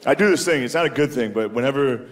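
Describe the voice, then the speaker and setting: A man's voice: medium pitch, quick pace. A man in his thirties doing a stand-up comedy set, telling loose, profane, self-mocking stories on a comedy club stage. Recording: live club set with crowd noise. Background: audience laughter.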